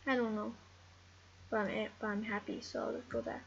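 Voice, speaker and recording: A woman giving casual, excitable game commentary, rambling and talking to the animals on screen. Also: fairly high pitch, normal speed, vocal fry, muffled recording, slight background noise. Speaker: gameplay commentator.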